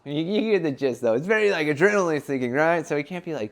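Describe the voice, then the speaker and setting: A young man giving casual business advice in a vlog, talking animatedly and filling his talk with "like" and quick acted-out quotes. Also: a little high, animated. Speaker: entrepreneur giving brand advice.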